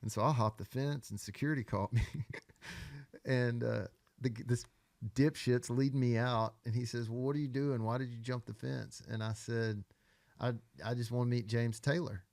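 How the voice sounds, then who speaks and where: Gravelly man telling stories. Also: mid-range voice, steady tone, moderate pace, darkish tone, no room sound. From Arkansas. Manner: loose, profane, rambling storyteller. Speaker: guest songwriter. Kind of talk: casual podcast storytelling.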